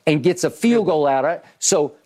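A man's voice: fairly high pitch, moderate pace. A man hosting a sports debate show, recounting plays emphatically with frequent restarts. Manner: animated, restarts often, emphatic play-by-play recounting.

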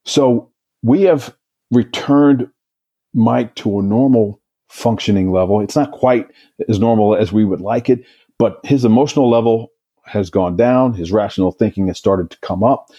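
In an interview, a man who once negotiated hostage situations relives a case with vivid detail and frequent restarts. He has a fairly low, mellow voice with a breathy edge and a moderate pace, and the audio has its highs cut off.

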